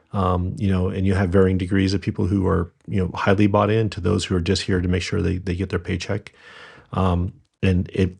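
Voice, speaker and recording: A middle-aged man, a podcast guest, telling stories from his business in a halting way with many fillers and restarts. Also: low voice, gravelly, darkish tone, husky. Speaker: podcast guest, rental company founder. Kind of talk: conversational storytelling interview.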